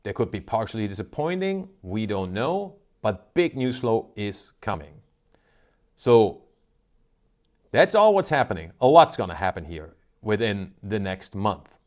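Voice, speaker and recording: Guy talking stocks to camera, really animated up and down voice, keeps asking right?. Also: lowish voice, measured pace. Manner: animated, emphatic, rhetorical questions with frequent "right?". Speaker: investment video host. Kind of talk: casual market commentary to camera.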